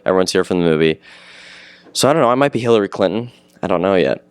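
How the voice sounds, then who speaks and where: A teenage young man with a low, deep voice, speaking eagerly and at length in a relaxed interview. His tone is smooth and clear, and the sound is close and dry with little room echo. He rambles and circles back on his own words. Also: quick pace. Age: teens. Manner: eager, rambling, repeats himself. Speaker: actor being interviewed. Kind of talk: casual interview chat.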